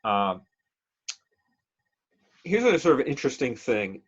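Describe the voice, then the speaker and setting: A middle-aged man teaching a speech class, talking in a relaxed conversational way with many fillers and questions to the students. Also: a little high, unhurried, long pauses. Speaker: college speech instructor. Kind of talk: classroom lecture. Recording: dull lo-fi classroom recording.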